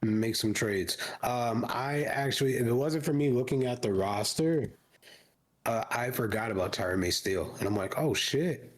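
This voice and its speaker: A man co-hosting a podcast in casual chat, relaxed and a bit hesitant with dry humor. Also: medium pitch, normal speed, rough recording. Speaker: podcast co-host.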